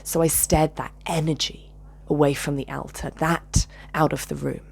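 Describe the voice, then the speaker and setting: A woman with a low, husky voice recounts a personal story. She speaks with intensity, swears freely, and swings between raised, emphatic phrases and hushed whispers. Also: level tone, normal speed. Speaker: channel host.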